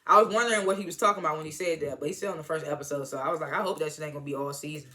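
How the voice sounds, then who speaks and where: A woman's voice: deep voice, rapid-fire. A woman giving a casual, slangy recap of a TV show, talking animatedly and often breaking into laughter. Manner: animated, slangy, swings into loud excited retellings; frequent laughs and filler words. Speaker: TV show reviewer.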